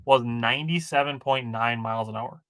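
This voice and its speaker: Bright-voiced man breaking down baseball stats. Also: medium pitch, fairly quick. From Wisconsin. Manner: talks through stats from his notes, dry asides. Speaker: podcast co-host. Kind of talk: casual sports chat.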